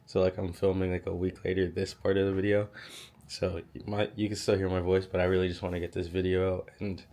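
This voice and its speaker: A young man, hoarse from being sick, chatting casually as he gives a room tour. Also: low-pitched, flat delivery, fast, dark tone. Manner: chatty, lots of "like" and "so". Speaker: YouTuber giving a room tour. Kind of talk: casual vlog walkthrough.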